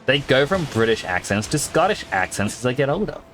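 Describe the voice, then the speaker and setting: A man's voice: medium pitch, very animated, brisk, fairly bright tone, faint music behind. A man streaming a video game, chatting casually and rambling, with frequent laughs. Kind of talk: casual gaming stream chat.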